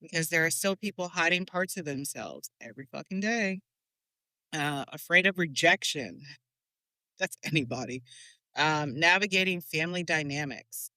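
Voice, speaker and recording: A woman hosts a relaxed podcast chat with a bright, forward voice. She tells stories in a lively way, laughs often and swears casually. The sound is close and dry, with no room around her. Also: sits low, normal speed, dry recording. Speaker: podcast host. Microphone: desk microphone.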